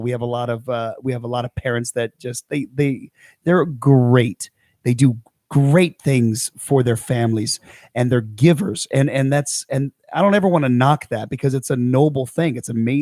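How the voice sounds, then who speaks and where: A man's voice: mid-range voice, a little mellow, dry recording. Earnest man co-hosting a podcast. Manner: earnest, stumbles over words. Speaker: podcast co-host, fitness coach. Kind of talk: casual podcast chat.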